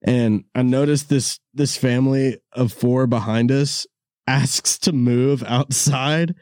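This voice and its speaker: In a dry, studio-quality recording made in a studio room with a corded studio mic, a man talks slowly with a medium, darkish voice and fairly even intonation. As a podcast host in casual storytelling chat, he rambles through stories, curses without restraint, laughs a lot, and calls people "dude" with easy nonchalance.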